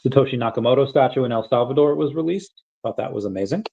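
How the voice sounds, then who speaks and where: A man hosting a casual crypto livestream, rambling in a relaxed way with many fillers and bouts of hiccups. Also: mid-range voice, quick pace, creaky, husky, dull audio. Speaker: crypto channel host.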